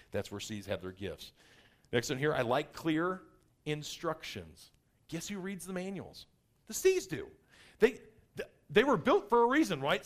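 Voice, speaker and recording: A middle-aged man presenting a workshop gives an energetic seminar talk, his voice a little high. He acts out different personality types in quick little voices.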